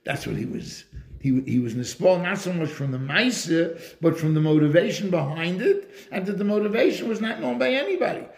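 A man's voice: sits high, lively intonation, fairly quick, creaky, echoey room. A man giving a Torah lecture in English, weaving Hebrew and Yiddish terms into his storytelling. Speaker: Torah teacher.

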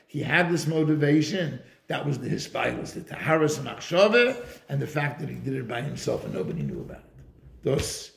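A man's voice: a little high, vocal fry, roomy sound. A man giving a Torah lecture in English, weaving Hebrew and Yiddish terms into his storytelling. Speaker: Torah teacher.

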